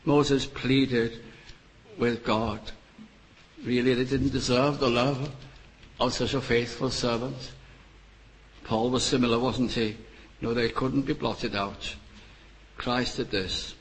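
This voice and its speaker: An older man preaching a sermon, earnest and pleading, with long pauses between his short phrases. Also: medium pitch, steady tone, low-quality recording.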